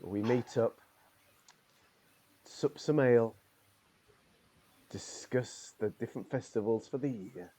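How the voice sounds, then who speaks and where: A man's voice: medium pitch, takes it slowly, long pauses, mellow. A man voicing a proud, fussy middle-aged male Morris dancer who rambles on opinionatedly and says "aye," improvised in a role-play game. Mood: recalling.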